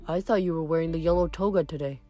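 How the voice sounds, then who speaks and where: A woman's voice: sits low, fast, mellow, faint music behind, close to an everyday voice. A woman voicing a meek, reluctant male giant who mumbles and sighs, in an audiobook reading. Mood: glum. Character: meek, gloomy male giant twin, soft-hearted.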